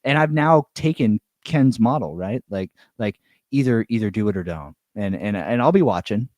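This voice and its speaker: A man's voice: on the low side, animated, normal speed, darkish tone, no echo. A man co-hosting a podcast in a casual chat, laid-back and swearing freely, saying "dude" a lot. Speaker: podcast co-host.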